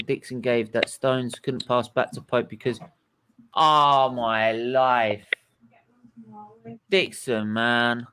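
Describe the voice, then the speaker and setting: A man's voice: mid-range voice, background noise. A man hosting a casual football reaction chat, blunt and sweary, rambling with restarts. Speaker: host.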